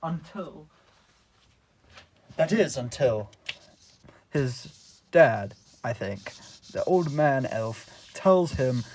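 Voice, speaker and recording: A man rambles through a comedic movie recap, restarting his sentences and chaining events with "and then." His voice sits at a middle pitch over a faint hiss of background noise. The delivery is loose and unscripted. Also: expressive, extremely slow, a little mellow, low-quality recording. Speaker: narrator of a movie spoof.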